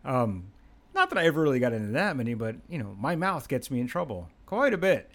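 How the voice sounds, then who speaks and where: A young adult man from Pennsylvania hosting a podcast, telling a story in a rambling, animated, self-mocking way and swearing freely. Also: medium pitch, a little fast. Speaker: podcast host. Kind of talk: casual storytelling monologue.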